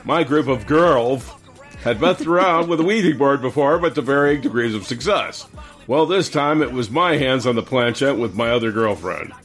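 A man reading stories aloud on a casual podcast at a middling pitch. He keeps a steady storytelling pace. Soft music sits faintly underneath. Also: moderate pace.

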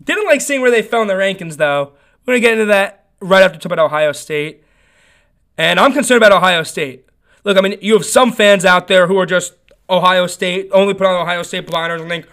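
A man's voice: high voice, fairly quick, a bit bright. A young man hosting a casual sports podcast, ranting in an opinionated, rambling way with lots of fillers and restarts. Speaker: podcast host.

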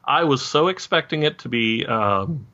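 A man hosting a podcast in loose, animated conversation, rambling and laughing as he goes. His tone is bright and forceful at a mid pitch, and the recording sounds dull and lo-fi. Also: normal speed. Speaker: podcast host. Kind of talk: casual chat.

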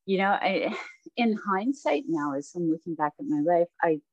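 A woman's voice: fairly low pitch, animated, normal speed, darkish tone, no room sound. A woman guest speaking in an interview, telling her life story in a reflective, rambling way with many fillers. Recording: dull, dry sound.

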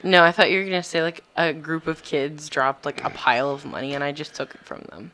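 A young woman chatting casually as a vlog co-host, giggly and animated as she tells stories. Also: low voice, brisk, a little hiss or hum. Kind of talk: casual chat.

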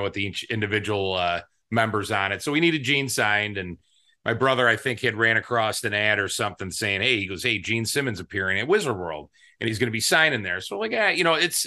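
A man who is a guest and business owner, telling a story in an excited, rambling way and acting out what people said. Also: medium pitch. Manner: excited, rambling, acts out quotes. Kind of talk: storytelling in an interview.

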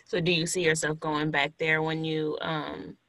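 An interviewer from Milwaukee asking questions in a relaxed, casual chat, full of fillers. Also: medium pitch, moderate pace, no room sound. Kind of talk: casual conversation.

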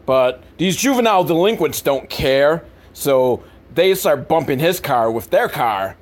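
A man's voice: fairly high pitch, lively intonation, unhurried. A man giving rambling, sarcastic and profane commentary on old films. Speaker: comedy commentary host.

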